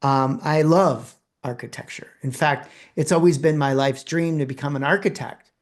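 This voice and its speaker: A man's voice: on the high side, steady tone, moderate pace, pitched below the performer's own voice, natural voice. A man quoting a hesitant young man confessing. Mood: regretful.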